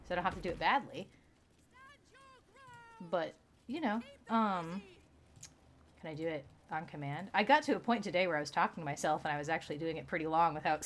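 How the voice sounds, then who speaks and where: A man's voice: sits high, a bit bright. A man from Texas streaming a game, chatting in a rambling, self-mocking way and laughing often. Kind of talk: casual chat while gaming.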